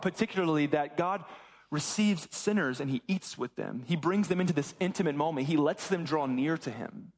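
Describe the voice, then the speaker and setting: A man's voice: high voice, a bit bright. A man preaching, reading a Bible passage aloud and then explaining it in a casual, conversational way. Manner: reads scripture then explains it conversationally, acting out quotes. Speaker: pastor. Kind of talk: sermon with scripture reading.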